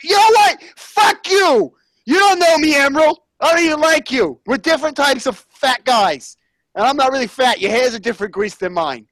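Dude playing a grill-obsessed guy, stammery and defensive, swears a lot, high voice, dry close sound. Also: fairly bright tone, dry recording. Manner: blustering, stammering, quick to swear. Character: defensive barbecue-obsessed man, blustering. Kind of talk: improv comedy sketch.

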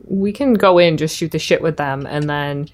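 A woman's voice: sits low, moderate pace. A woman playing a tabletop game, talking in a casual, friendly, loosely phrased way. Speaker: player. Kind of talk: in-character tabletop play.

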